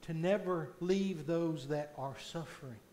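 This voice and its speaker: A man delivers a sermon in a church, taking his time over each phrase and rising to loud, fervent peaks when he drives a point home. His voice sits fairly high for a man, with a faint background hiss behind it. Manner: slow deliberate preaching, swelling loud on key points. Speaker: pastor. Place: church sanctuary.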